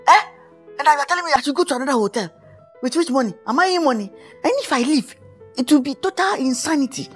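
A woman's voice: high voice, expressive, fast, soft background music. A woman with a Nigerian accent playing a showy, heartbroken male pop musician in a comedy skit, dramatic and repetitive. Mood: distraught. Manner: dramatic, repeats itself, wailing. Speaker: comic actor.

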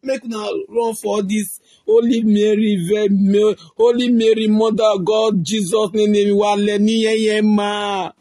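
A talk show host with a Nigerian accent, loudly mocking and commenting in Pidgin, theatrical and teasing. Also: mid-range voice, fairly even intonation, measured pace, no room sound.

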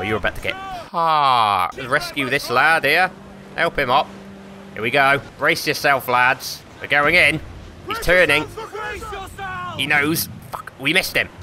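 Rowdy man yelling pirate orders. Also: a little high. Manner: rowdy, swearing, shouting pirate orders at his crew. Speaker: gameplay commentator. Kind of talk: excited gameplay commentary. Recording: game music loud behind voice.

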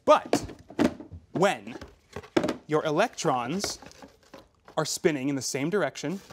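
A man's voice: a little high, lively intonation, takes it slowly, noisy background. A man explaining a science demonstration on a talk show, with enthusiasm. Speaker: science guest.

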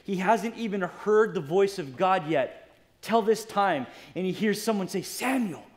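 Impassioned high-voiced male pastor. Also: lively intonation, a little slow, slight background noise. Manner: impassioned, with direct questions to the congregation. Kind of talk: sermon.

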